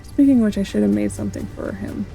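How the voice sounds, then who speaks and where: A woman's voice: mid-range voice, fast talker, vocal fry, mellow, faint music behind. A woman hosting a gameplay video, chatting casually and thinking aloud as she plays.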